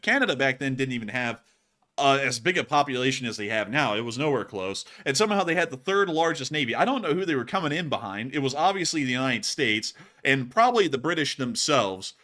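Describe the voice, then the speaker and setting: Young guy hosting a stream, bright voice, rambly and excitable. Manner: excitable, laughs and breaks into high yelps. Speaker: host. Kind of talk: casual live-stream chat.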